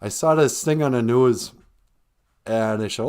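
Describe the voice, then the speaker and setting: A man's voice: mid-range voice, measured pace, pauses often, a little mellow, smooth. A man hosting a casual livestream chat, rambling through dry joking asides. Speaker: show host, cartoonist.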